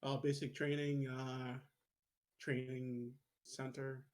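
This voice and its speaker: A man speaking from across the room during a live stream, adding short, quiet remarks. He talks slowly and in an even middle pitch. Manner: brief, quiet interjections from off-mic.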